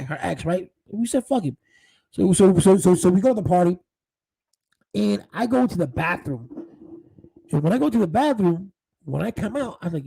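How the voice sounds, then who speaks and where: A man telling profane street stories in a casual, animated monologue, full of restarts. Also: high-pitched, vocal fry, breathy edge, poor audio. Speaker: podcast host.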